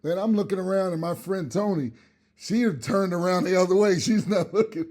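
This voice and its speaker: A man telling a comic story on a radio show, animated and acting out the other people in it. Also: high voice, brisk. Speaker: regular guest.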